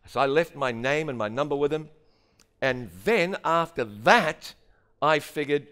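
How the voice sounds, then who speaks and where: A man's voice: on the high side, measured pace, clean tone. A man with a New Zealand accent telling his testimony in a humorous, storytelling sermon. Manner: animated, humorous, acts out dialogue. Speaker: preacher giving a testimony.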